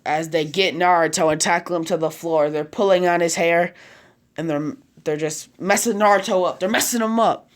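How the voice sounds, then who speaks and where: A storyteller improvising a fan story out loud, rambling with many restarts and self-corrections. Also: medium pitch, normal speed.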